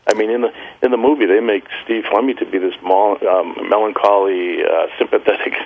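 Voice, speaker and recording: Gravelly-voiced man on a phone line. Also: fairly low pitch, brisk, a little hiss or hum. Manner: blunt, plain-spoken, with many "uh"s. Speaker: radio guest, author. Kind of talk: phone-in interview.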